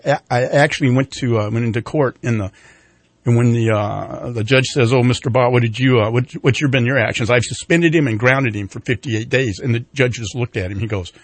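A man's voice: medium pitch, brisk, no echo. A middle-aged man co-hosting a talk show, chatting casually and rambling with many restarts. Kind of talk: casual conversation.

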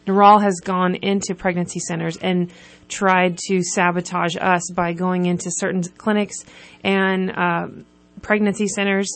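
A woman from California speaks as a guest on a talk program, with a touch of vocal fry in her voice. She explains her case earnestly and presses her points by listing one after another. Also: lowish voice, flat delivery, a little slow. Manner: earnest, builds emphasis when listing points. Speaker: guest, nonprofit representative. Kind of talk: radio talk interview.

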